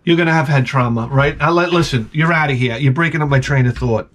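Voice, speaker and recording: A man with a young son, telling a rambling, animated story as a toy collecting vlogger. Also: medium pitch, fast. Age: adult with a young son. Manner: rambling, animated, acts out quoted voices. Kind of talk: casual storytelling monologue.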